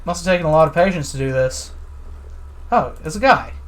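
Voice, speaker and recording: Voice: medium pitch, lively intonation, fairly quick. A streamer casually chatting while playing a video game, reading the game text aloud, laughing often and slipping into goofy voices.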